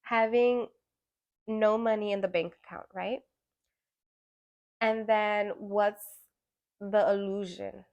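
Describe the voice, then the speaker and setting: Casting: woman, mid-pitched, relaxed conversational ritual host, filler-heavy and animated when telling stories. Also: slow, long pauses, muffled recording. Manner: conversational, many fillers and tag questions; animated storytelling with acted-out quotes. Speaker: full moon ritual guide. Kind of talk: casual reflective spiritual talk.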